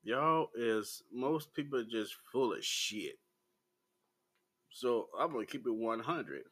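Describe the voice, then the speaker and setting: A man in his forties with a Southern American accent, ranting bluntly and profanely to the camera in a slow, laid-back vlog. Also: medium pitch, expressive, fairly bright tone. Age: 40s. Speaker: vlogger.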